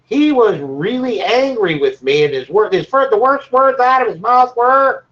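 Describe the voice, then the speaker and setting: Man, high voice, animated storyteller who laughs at his own jokes, dull call audio. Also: normal speed, few pauses. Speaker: caller in a discussion group. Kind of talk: casual storytelling.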